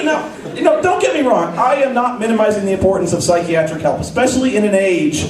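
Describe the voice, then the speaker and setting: A man doing live stand-up comedy on a convention stage, ranting with animated, profane energy. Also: high-pitched, fast, crowd noise. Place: convention stage, large hall. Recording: echoey hall recording, mic far off. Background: audience laughing.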